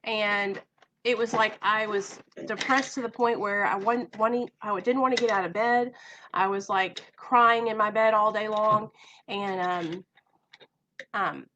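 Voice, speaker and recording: A woman's voice: medium pitch, steady tone, moderate pace, pushed and bright, a little hiss or hum. A young woman, chatting casually and emotionally on a home live stream, nervous and rambling. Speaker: vlogger.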